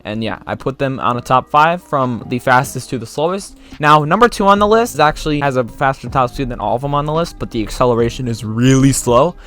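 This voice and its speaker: A man hosting a gaming channel, giving a plain, steady commentary that walks through car features. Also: mid-range voice, brisk, hardly any pauses. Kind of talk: gameplay commentary. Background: faint background music.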